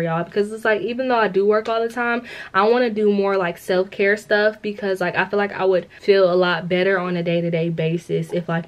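A woman's voice: fairly low pitch, a little hiss or hum. A young woman talking casually to her viewers in a rambling, chatty vlog, often addressing them directly. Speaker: vlogger. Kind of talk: casual vlog talk to camera.

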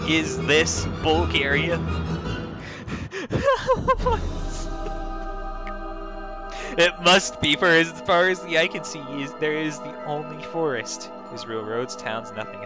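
A man's voice: a little high, expressive, slow. A man playing a text adventure game, reading the story aloud and laughing and swearing at it in casual commentary. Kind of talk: casual let's play commentary. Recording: clear background music.

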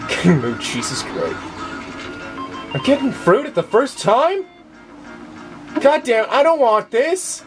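Excitable swearing gamer mooing over music. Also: male voice, high-pitched, takes it slowly, pauses often. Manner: shouting moo on a dare, swearing, excitable. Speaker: let's play gamer. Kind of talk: gameplay commentary. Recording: game music behind the voice.

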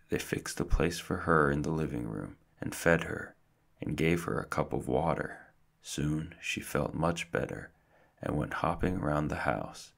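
A man reads a children's chapter book aloud in a steady storyteller's manner. His voice is extremely deep and full of gravel, and he takes his time over every sentence. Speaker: narrator.

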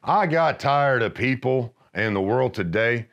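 A middle-aged man narrating scripted comedy with gruff, deadpan macho pronouncements. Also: mid-range voice, a little slow.

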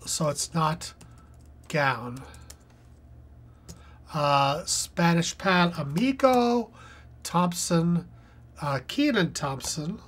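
Stream host, unhurried, husky voice; chatty think-aloud delivery. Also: medium pitch, animated, a bit bright. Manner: chatty, thinks aloud, reads clues half to self with many fillers. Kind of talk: casual live-stream commentary while solving a crossword.

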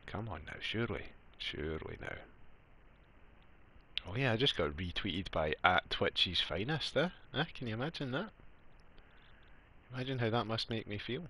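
A man's voice: on the low side, normal speed, pauses often, bright, forceful tone, slight background noise. A man live-streaming a game, chatty and joking, laughing often as he talks to his viewers. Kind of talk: casual live-stream chat.

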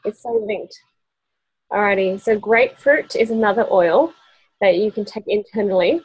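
The low-quality recording captures a woman with a slightly rough, medium-pitched voice at a moderate pace. Talking casually to a small group about essential oils, she chats away, laughs often, and acts out the voices of people she quotes.

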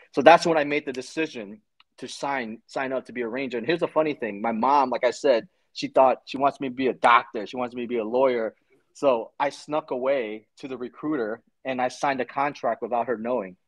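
A man's voice: medium pitch, fairly quick, no room sound, rough recording. A man in his forties, a former Army Ranger, telling his story in a casual interview, blunt and swearing freely. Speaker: podcast guest, Army Ranger veteran.

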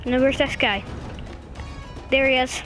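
A woman's voice: high voice, fairly even intonation, unhurried. A woman giving casual running commentary while playing a video game, chatting and chanting commands at the screen. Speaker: gaming channel host. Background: game music.

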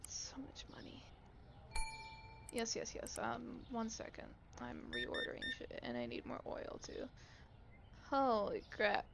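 A woman's voice: on the high side, sing-song, measured pace, vocal fry, noisy background. A young woman giving casual gameplay commentary, sarcastic and exasperated, griping at customers and dropping into mutters. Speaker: gaming YouTuber.

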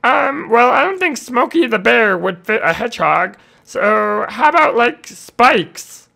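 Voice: medium pitch, very animated, a little slow, creaky, pushed and bright. A co-player in an improvised game role-play, speaking in a bumbling, sheepish, hesitant way.

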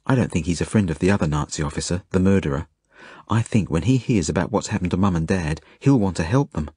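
A man reading his own novel aloud as a first-person audiobook, earnest and measured. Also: deep voice, expressive, husky, no echo, clean studio sound. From Australia. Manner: earnest, measured, gentle storytelling.

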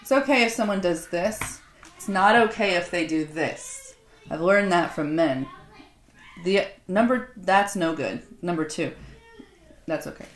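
A woman's voice: on the low side, unhurried. A woman unboxing a gift box at home, chatting casually with sarcastic, self-mocking banter. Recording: roomy echo, faint noise.

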